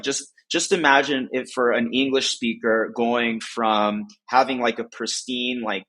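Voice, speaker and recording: A man's voice: medium pitch, fairly bright tone, low-quality recording. A man from the United States, a podcast guest, chatting casually and rambling with lots of "like" fillers. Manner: rambling, heavy use of "like" fillers.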